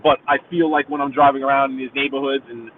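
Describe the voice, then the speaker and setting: A man's voice: medium pitch, flat delivery, quick pace, a little hiss or hum. A man from Brooklyn with a New York accent, rambling casually to live-stream viewers while he drives. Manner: rambling, talkative, chatty with viewers. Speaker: live-stream driving host. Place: inside a car. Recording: tinny phone-like audio.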